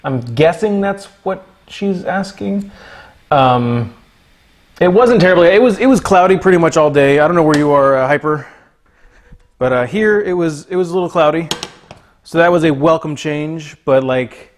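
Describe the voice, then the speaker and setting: A man's voice: fairly high pitch, normal speed. Jokey young man cooking on stream. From Florida. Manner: jokey, talks to chat, reads out names. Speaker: cooking livestream host. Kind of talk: casual chat while cooking. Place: home kitchen.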